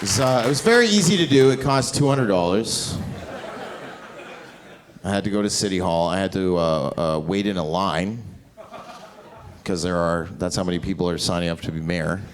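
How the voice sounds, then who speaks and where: A man performing a stand-up comedy set on a club stage, brash and profane, swinging between loud outbursts and low mutters. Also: moderate pace, pauses often, crowd noise. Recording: noisy live club recording. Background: audience laughter.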